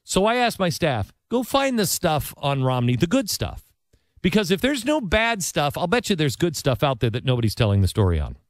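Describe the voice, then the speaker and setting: A man hosting a talk show, telling a story in a conversational monologue with restarts and asides, sometimes dropping his voice low and soft for quoted lines. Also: huge pitch swings, moderate pace, dry recording, clean studio sound.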